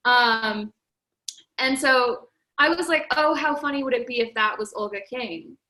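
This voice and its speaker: A woman's voice: high-pitched, normal speed, pushed and bright, low-quality recording. A young woman in her twenties, telling her hiking story in a casual, chatty way with frequent laughs and fillers. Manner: chatty, laughing often, lots of "like". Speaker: podcast guest, record-setting hiker. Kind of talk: casual podcast interview.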